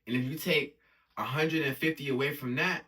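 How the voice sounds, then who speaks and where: A man's voice: a little high, fairly even intonation, a little fast, bright, forceful tone. A man casually talking through his trades in a hype, slang-heavy way, explaining risk and reward step by step. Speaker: forex trading vlogger. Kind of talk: casual screen-recorded trading vlog.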